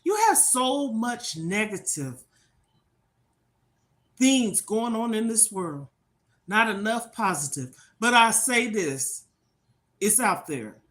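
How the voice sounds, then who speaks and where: A woman's voice: on the high side, animated, slow, long pauses, a bit bright. Frank older woman talking to viewers. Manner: frank, preachy, repeats "okay?" often. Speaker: livestream host. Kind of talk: casual livestream talk to viewers.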